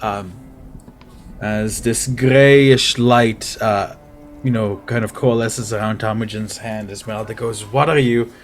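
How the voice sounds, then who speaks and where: A man's voice: lowish voice, level tone, takes it slowly. A man running a tabletop game as game master, narrating loosely with lots of "like" and "uh". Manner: loose, filler-heavy narration.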